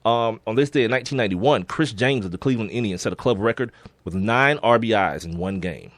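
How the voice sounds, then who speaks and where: A man co-hosting a sports podcast, talking in a relaxed, casual way and often laughing as he reads out sports history. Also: fairly low pitch, quick pace, no echo. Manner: laid-back, laughs often, reads listings with slips. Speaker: podcast co-host.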